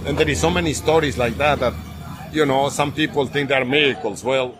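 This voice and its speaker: A restaurant owner, telling animated anecdotes in a casual interview and acting out the voices of the people in them. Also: male voice, medium pitch, fairly quick, noisy background. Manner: animated anecdotes, acts out quoted voices, laughs often. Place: busy restaurant bar. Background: crowd chatter.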